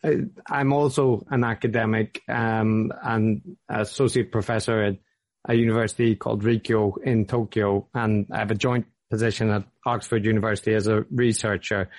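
A man's voice: fairly low pitch, flat delivery, normal speed, darkish tone. A man from Northern Ireland with a Belfast accent, talking as an academic guest on a podcast, often restarting his sentences. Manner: hesitant, many restarts. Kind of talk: conversational interview.

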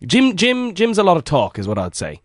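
A man's voice: high voice, huge pitch swings, fairly quick, no room sound, clean studio sound. A man playing a pompous, fussy Irish self-styled hard man in improvised comedy, with an Irish accent. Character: self-proclaimed hardest man in Ireland, pompous.

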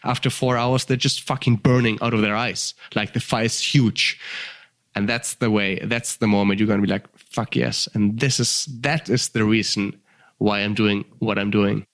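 A man with a German accent, a podcast guest telling stories in casual, animated chat, swearing and laughing, a little tipsy. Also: on the low side, moderate pace.

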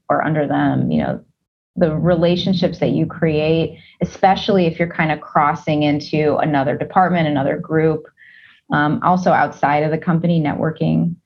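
A woman interview guest who leads a team, speaking in a thoughtful, measured way with frequent fillers. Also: deep voice, fairly even intonation, vocal fry, muffled recording. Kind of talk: casual interview.

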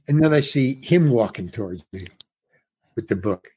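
A man's voice: mid-range voice, animated, normal speed, darkish tone, husky. A middle-aged actor telling a story from a film set in casual conversation, acting out the other people's lines as he goes. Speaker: actor guest. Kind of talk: conversational anecdote.

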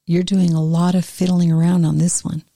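A woman reading aloud as a gentle, doubting female angel, in a soft, hushed manner. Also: fairly low pitch, flat delivery, brisk, gravelly, no echo. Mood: doubtful.

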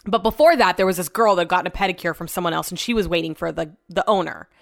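A woman's voice: lowish voice, racing, gravelly. A young woman at home chatting casually through a rambling storytime vlog, frank and loose with swearing. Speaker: vlogger. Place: home, indoors.

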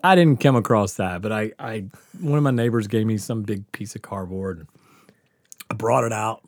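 A man's voice: lowish voice, moderate pace, no echo, studio quality. A middle-aged man hosting a podcast, telling a rambling, profane story in a casual way and laughing as he goes. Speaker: podcast host.

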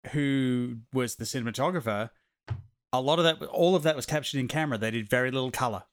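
Man, smooth voice, calm, informative, casual podcast talk. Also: mid-range voice, fast talker. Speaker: podcast co-host. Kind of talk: casual film-review chat.

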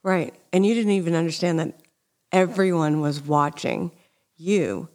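A woman's voice: on the low side, a little slow, darkish tone. A woman hosting a conversational interview, telling stories earnestly and acting out quoted dialogue. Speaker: podcast host.

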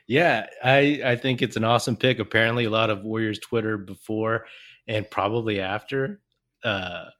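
A man co-hosting a casual sports podcast, excitable, laughing often and restarting his sentences. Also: lowish voice, moderate pace. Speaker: podcast co-host.

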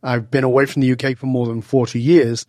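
A man in his sixties from Northern England, a guest telling stories in conversation and acting out the dialogue with lively voice changes. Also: mid-range voice, brisk, no echo, clean studio sound. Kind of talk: animated storytelling in conversation.

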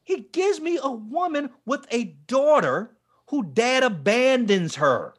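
A man in his forties, a ministry leader, telling his life story with strong emotion, dropping to a hush and then rising almost to a shout. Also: very high-pitched, very animated, slow pace, husky. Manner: passionate, swings from hushed to near-shouting. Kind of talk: emotional testimony in an interview.

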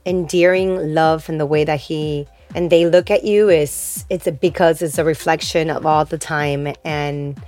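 A woman co-hosting a podcast, chatty and quick to laugh in casual conversation. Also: low-pitched, fairly even intonation, a little mellow, soft background music. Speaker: podcast co-host. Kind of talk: casual chat.

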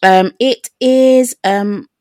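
A woman co-hosting a podcast, replying in a calm, brief, conversational way. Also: medium pitch, extremely slow, no room sound, studio quality. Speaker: podcast co-host. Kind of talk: casual chat.

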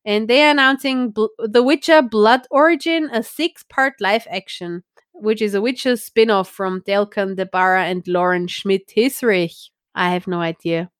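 A woman's voice: medium pitch, measured pace, clean tone, no echo, clean studio sound. A woman co-hosting a casual geek news show, talking in an enthusiastic, giggly way. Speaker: podcast co-host.

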